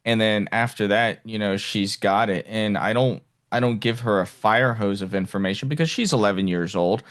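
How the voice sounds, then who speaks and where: A man hosting a podcast in casual conversation, talking haltingly with frequent restarts and fillers. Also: lowish voice, a bit bright. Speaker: podcast host. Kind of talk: casual interview chat.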